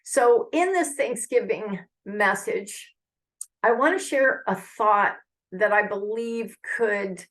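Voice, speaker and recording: A woman's voice: medium pitch, lively intonation, slow, a bit bright. A woman giving an earnest, heartfelt devotional message with prayer, speaking conversationally to her viewers. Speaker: Christian speaker.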